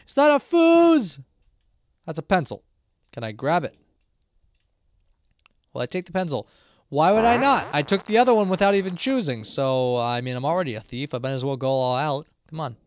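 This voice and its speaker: A man streams a horror game live, sleepy and yawning as he rambles to himself and his chat in casual commentary. His voice is on the high side, expressive, and fairly quick.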